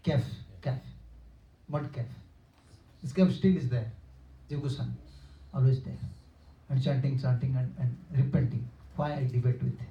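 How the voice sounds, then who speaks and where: An older spiritual teacher tells stories in a sermon-style lecture in a temple hall, sounding distant and echoey. His mid-range voice moves at normal speed with long pauses, and the highs are cut off. He speaks simple, repetitive non-native English and grows animated when quoting characters.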